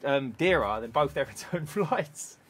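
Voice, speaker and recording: A man's voice: mid-range voice, lively intonation, a little slow, fairly bright tone. A young man co-hosting a podcast, telling funny stories in slangy casual chat and laughing often. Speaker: podcast co-host.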